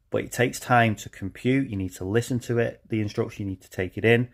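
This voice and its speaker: A man's voice: medium pitch, brisk, gravelly, hardly any pauses. A man, a driving instructor, talking casually and earnestly to camera with many ums.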